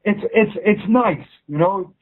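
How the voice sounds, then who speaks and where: A man quoting an excited male record producer who exclaims and swears in amazement. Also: sits high, a little slow, pitched above the performer's own voice. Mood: amazed, insistent. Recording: tinny phone line.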